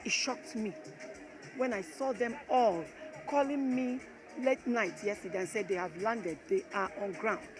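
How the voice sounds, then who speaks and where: A woman's voice: mid-range voice, unhurried, music in the background. A woman with a Nigerian accent giving an emphatic, pleading speech to protesters, mixing in pidgin. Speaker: official addressing protesters. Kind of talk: rally speech. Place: outdoor rally. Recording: echoey distant crowd recording. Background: loud crowd noise.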